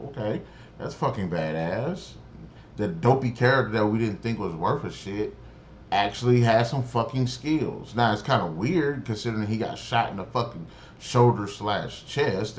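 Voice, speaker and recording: Profane, exasperated man with a lowish voice. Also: a little hiss or hum. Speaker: show reviewer. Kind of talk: casual spoken review.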